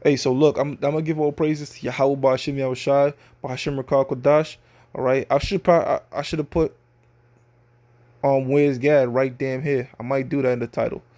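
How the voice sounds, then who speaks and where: A man's voice: medium pitch, steady tone, normal speed, darkish tone. A man teaching scripture in a loose, slangy, conversational way, often checking in with his listeners. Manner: slangy street talk. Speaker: religious teacher.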